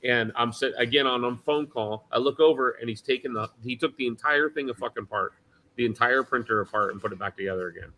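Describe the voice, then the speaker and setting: A man on a maker livestream, chatting loosely and swearing freely. His voice has a bright, forceful edge, and he sits at a mid pitch for a man. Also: fast talker. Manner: animated storyteller, swears freely. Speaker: livestream co-host. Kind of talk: casual chat.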